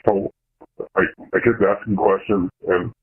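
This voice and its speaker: Young male caller, deep and monotone, hesitant and halting, heard over a thin phone line. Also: slightly rough. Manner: halting, hesitant, many fillers and restarts. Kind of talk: personal confession on a call-in show.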